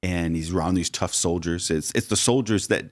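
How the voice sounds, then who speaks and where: A man's voice: low-pitched, moderate pace, no room sound, clean studio sound. A man co-hosting a podcast, discussing a Bible story and drawing lessons from it in a teacherly way. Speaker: podcast co-host.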